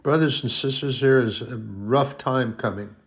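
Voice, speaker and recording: Guy preaching a sermon, earnest, average pitch, slows down and gets loud on the big lines. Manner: earnest, rising to emphatic peaks, slow deliberate stresses.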